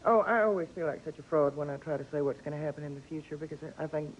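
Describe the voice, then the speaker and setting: A woman's voice: sits low, racing, highs cut off, a little hiss or hum. A woman from East Texas with a Texan accent, a columnist and author telling stories with dry, wry humor as a guest on a talk show.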